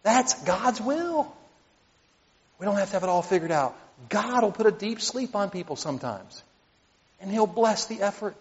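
A fairly high-voiced man preaches and reads scripture to his congregation. His delivery is animated and at times rises to near shouting. The sound is dull and lo-fi, with a long reverb from the hall around him. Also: normal speed. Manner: animated, rising to near shouts at emotional peaks. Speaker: pastor. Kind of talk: sermon.

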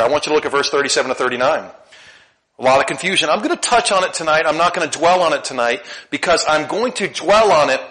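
Male pastor, middle-aged, bright forceful tone, lively sermon delivery with loud and quiet swings. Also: fairly high pitch. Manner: animated preaching, swings between loud emphasis and soft asides.

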